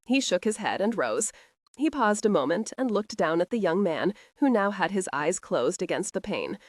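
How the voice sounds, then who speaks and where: A woman narrating a romantic thriller audiobook with expressive storytelling. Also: mid-range voice, normal speed, no echo, clean studio sound.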